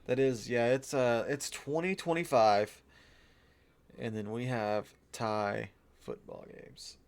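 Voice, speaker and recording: A man's voice: mid-range voice, steady tone, takes it slowly. A man co-hosting a casual sports podcast over drinks, loose and swearing, laughing often. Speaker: podcast co-host.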